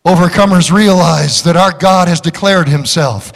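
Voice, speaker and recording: A man preaching a fiery sermon as pastor, building to shouts. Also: high-pitched, normal speed, hardly any pauses. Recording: large hall reverb.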